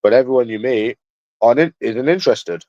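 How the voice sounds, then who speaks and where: A man's voice: medium pitch, fairly quick, dark tone, dry recording. A man with a London accent talking casually to viewers in a rambling, crude way, swearing freely. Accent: London English. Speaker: livestreamer. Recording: dull lo-fi dry sound.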